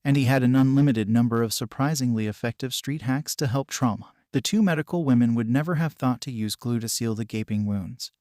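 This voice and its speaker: A man narrating a story at a steady, even reading pace. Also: medium pitch, fairly quick, hardly any pauses, no room sound, clean studio sound. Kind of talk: scripted narration.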